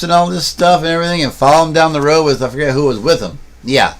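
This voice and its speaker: A man talks fast in a slightly high voice while streaming and vlogging from a handheld camera. He's loose and casual, winding through a long tale with restarts and asides.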